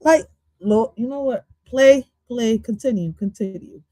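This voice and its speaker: A woman's voice: fairly high pitch, measured pace, dark tone, no echo. A woman reacting to a podcast clip on her stream, goofy and swearing, slipping into now and then. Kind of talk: casual reaction commentary.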